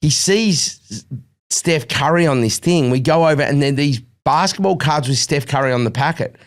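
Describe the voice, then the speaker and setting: A man's voice: on the high side, moderate pace. A middle-aged Australian man, a podcast co-host, telling a long story in casual chat and acting out the quotes. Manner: animated storytelling, acts out quotes.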